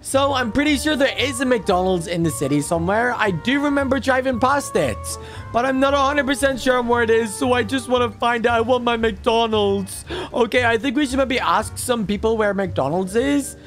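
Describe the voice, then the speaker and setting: A man voicing an excitable, cheeky baby boy in game commentary, squealing and talking straight to viewers. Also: extremely high pitch, normal speed, soft background music. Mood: excited. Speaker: gaming YouTuber.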